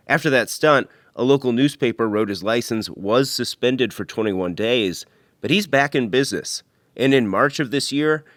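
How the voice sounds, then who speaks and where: A man hosting a podcast, reading scripted investigative narration in a measured, earnest way. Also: lowish voice, a bit bright, no room sound, studio quality. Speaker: podcast host and reporter.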